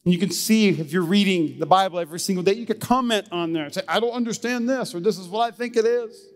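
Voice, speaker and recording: High-pitched emphatic preacher man in reverb. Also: fast talker. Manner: emphatic, pleading, many "man" fillers. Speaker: pastor. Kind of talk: sermon. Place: church sanctuary.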